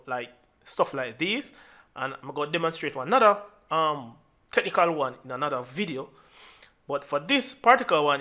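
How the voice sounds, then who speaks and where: A man talks through his mixing session in a bright, somewhat high voice. He explains step by step in a loose, relaxed way, often stumbling over and repeating small words before he carries on. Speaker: music producer teaching mixing. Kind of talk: screen-recorded tutorial walkthrough.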